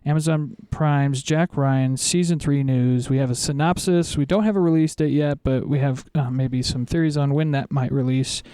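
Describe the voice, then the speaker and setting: A man co-hosting a casual podcast, enthusiastic and quick to laugh, often restarting his words. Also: medium pitch, steady tone, warm tone, smooth, dry recording, clean studio sound. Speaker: podcast co-host.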